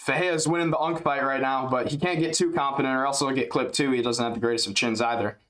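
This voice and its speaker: Male streamer calling a fight live, loose and chatty, mid-pitched voice, spikes up on big hits. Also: fast talker. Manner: rambling, chatty, jumps up in excitement at big strikes; drowsy and yawning at times. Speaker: livestream fight commentator. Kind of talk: casual live play-by-play commentary.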